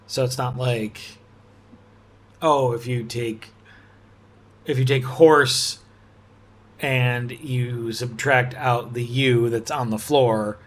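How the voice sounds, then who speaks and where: Slow, musing man thinking aloud. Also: mid-range voice, fairly even intonation. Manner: musing, halting, with frequent restarts and soft laughs. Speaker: puzzle-solving video host. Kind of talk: thinking aloud while solving a puzzle.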